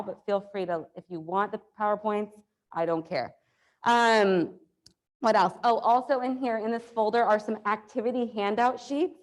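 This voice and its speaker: An upbeat woman leads an exam review class, her voice hoarse from allergies. She talks in a chatty, encouraging way, full of fillers, into a lapel mic in a classroom. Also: medium pitch. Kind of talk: classroom lecture.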